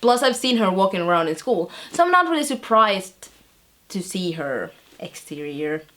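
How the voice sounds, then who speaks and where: Wry chatty teen girl vlogging about her tutoring week, a young woman acting it, mid-pitched, lots of ums. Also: big pitch swings, normal speed, a bit bright. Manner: wry, chatty storytelling with fillers. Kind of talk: scripted vlog-style monologue.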